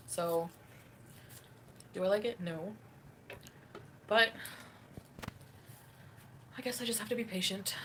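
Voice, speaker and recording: A woman's voice: mid-range voice, fairly bright tone, slight background noise. Catty woman ranting on a livestream. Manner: catty and mocking, laughs often. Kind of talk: casual livestream rant, reading chat.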